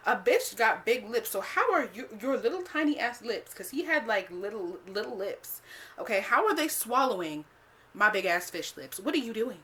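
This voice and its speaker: A woman vlogger telling a casual storytime, swearing freely, filling every pause with "like" and acting out what she said back then. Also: fairly high pitch. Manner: animated, swears freely, acts out her own past lines; heavy use of "like" as filler.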